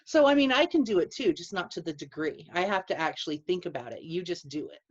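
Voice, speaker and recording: Expressive lady cohost on a video call, voice going all over the place pitch-wise. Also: fast, breathy edge. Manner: expressive, animated. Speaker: podcast co-host. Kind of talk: casual chat. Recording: dull lo-fi sound.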